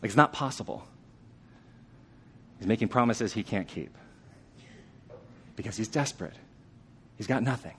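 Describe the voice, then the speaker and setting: A man preaching a sermon in a conversational way, asking the congregation questions and dropping to a hushed tone for weighty lines. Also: fairly low pitch, normal speed, pauses often, a little hiss or hum.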